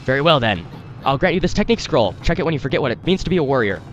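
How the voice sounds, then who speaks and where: A man's voice: mid-range voice, very animated, rapid-fire, fairly bright tone, a little hiss or hum. A man voicing a stern old male dojo master who speaks in a formal, solemn way in a video game.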